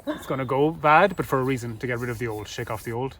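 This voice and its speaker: An Irish man co-hosting a casual chat, halting and repeating words with dry humor. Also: medium pitch, fairly bright tone. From Ireland. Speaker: podcast co-host. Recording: distant mic with faint noise.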